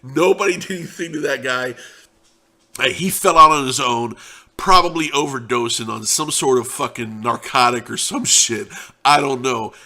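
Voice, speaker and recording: A man's voice: mid-range voice, normal speed, pushed and bright. A young man telling a casual, profane, rambling anecdote in a laid-back way. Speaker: storyteller.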